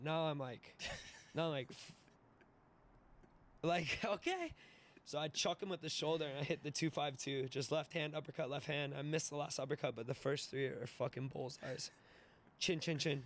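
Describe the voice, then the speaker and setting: Give me an animated, profane man telling a story casually, with a fairly high voice. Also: brisk. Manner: animated, profane, acts out voices in his stories. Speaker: podcast guest, mixed martial artist.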